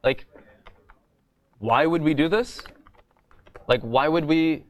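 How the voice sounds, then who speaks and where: A man's voice: fairly high pitch, takes it slowly. Casual man teaching a coding class. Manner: casual, repeats "right?" often, explains step by step. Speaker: coding bootcamp instructor. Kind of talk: live coding lecture.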